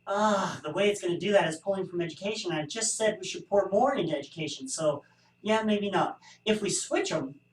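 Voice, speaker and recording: In this classroom recording, a male statistics teacher with a high, expressive voice moves briskly through an explanation of survey bias, adding dry jokes along the way. The mic sits far off and the room echoes.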